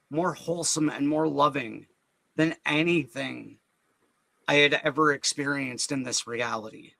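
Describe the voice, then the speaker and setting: Middle-aged man, interview guest; earnest, halting storyteller, very bright tone, dry close sound. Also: fairly high pitch, vocal fry, no room sound, low-quality recording. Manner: earnest, halting, repeats words when emotional. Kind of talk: personal storytelling.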